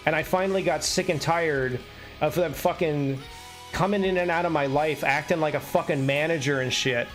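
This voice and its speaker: A man's voice: a little high, moderate pace, fairly bright tone, soft background music. A man live-streaming an unscripted rant, blunt and heated, swearing constantly.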